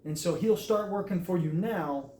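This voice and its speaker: A man's voice: high voice, normal speed, darkish tone. Earnest man in an echoey room. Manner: earnest, recounts events with quoted dialogue. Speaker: army veteran telling his story. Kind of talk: casual storytelling. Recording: echoey room with faint noise.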